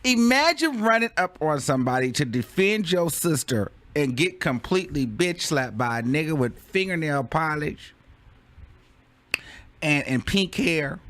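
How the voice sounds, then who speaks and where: A man's voice: on the high side, dry recording. A man hosting a casual commentary show, laughing often and acting out scenes dramatically. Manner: laughing, animated, dramatic reenactments. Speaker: host.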